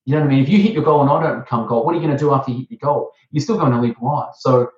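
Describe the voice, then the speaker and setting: An Australian man in mid-range pitch hosts a loose, rambling chat and keeps jumping up in pitch to stress a point. His voice sounds echoey, as if bouncing around a bare room. The whole recording is muffled and dull. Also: rapid-fire, darkish tone. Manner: enthusiastic, rambling, jumps up in pitch for emphasis. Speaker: host. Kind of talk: casual interview chat.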